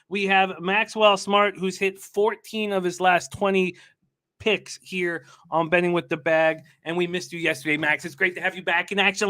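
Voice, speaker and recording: A man hosting a live sports betting show, rattling off betting lines quickly and hyping up his guests. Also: high voice, level tone, sharp tone. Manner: rapid-fire reading of betting lines.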